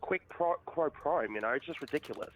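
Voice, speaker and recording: A man's voice: on the high side, animated, a little fast. A man with an Australian accent calling in, chatting cheerfully and a bit ramblingly. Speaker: caller. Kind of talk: call-in chat. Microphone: phone call. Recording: dull lo-fi phone call.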